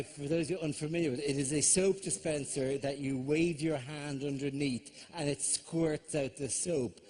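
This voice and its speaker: A stand-up comedian with an Irish accent, talking in a slightly raised pitch. He tells his stories as a sardonic rant, building to angry punchlines on a theatre stage. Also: darkish tone. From Ireland. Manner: sardonic, ranting storyteller. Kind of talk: stand-up routine.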